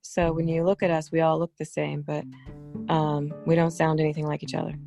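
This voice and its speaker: With music in the background, a New York-area woman with a New York accent speaks a little fast in a deep, creaky, level voice. She's a talkative podcast guest in casual conversation, earnestly recounting stories of growing up.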